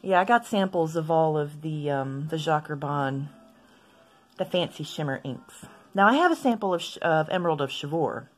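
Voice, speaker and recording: A woman with a fairly low voice that swings up and down a lot. She talks casually and rambles into side stories while gently poking fun at herself. Soft music plays faintly behind her. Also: animated, normal speed. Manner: chatty, rambling, self-deprecating asides. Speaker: stationery vlogger. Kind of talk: casual chat while swatching inks.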